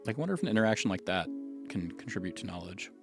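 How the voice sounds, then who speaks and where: A man's voice: sits low, sing-song, racing, music in the background. A man streaming a game live, chatting casually and thinking aloud as he plays. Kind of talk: casual gameplay commentary.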